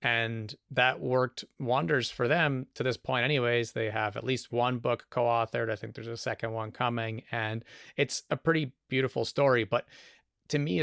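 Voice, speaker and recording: A man's voice: medium pitch, gravelly, a bit bright, no room sound, clean studio sound. A man hosting a podcast, asking his guest questions and reflecting aloud in a casual, thoughtful way. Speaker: podcast host. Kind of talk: casual interview talk.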